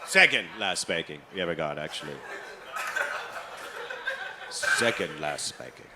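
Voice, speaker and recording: A man doing stand-up comedy in a club, telling deadpan stories about his family and chatting with the crowd. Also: very deep voice, unhurried, very noisy. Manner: deadpan storytelling, loud put-on voices for family.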